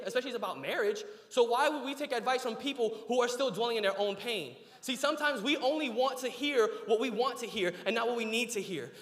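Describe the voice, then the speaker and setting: A man's voice: extremely high pitch, a bit bright. A young man giving a short sermon, shifting from casual storytelling to emphatic preaching before an audience. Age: young adult. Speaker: student preacher. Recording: echoey hall.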